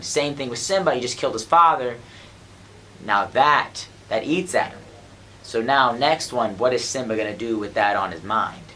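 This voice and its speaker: Man, student, excited plot retelling, forceful bright tone, lots of restarts. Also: mid-range voice, slight background noise. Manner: excited, restarts often, acts out gasps. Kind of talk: animated storytelling.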